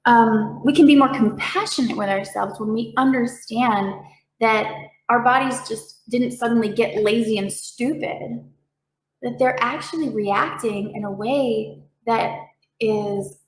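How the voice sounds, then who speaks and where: A woman giving a calm, reassuring talk as a reiki practitioner, with playful voiced asides. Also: on the high side, measured pace, roomy sound, poor audio. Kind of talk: gentle explanatory talk.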